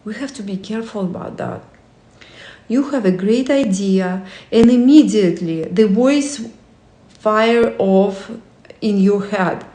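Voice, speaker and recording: With a mellow, medium-pitched voice, a host reads aloud from a book in a relaxed talk and asks the listener reflective questions. She phrases things in a non-native way, frequently correcting herself, and the room adds noticeable echo.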